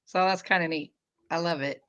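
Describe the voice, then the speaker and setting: Bright, chatty woman co-host. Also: on the low side, steady tone, normal speed, clear, resonant tone. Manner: chatty and enthusiastic. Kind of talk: casual chat.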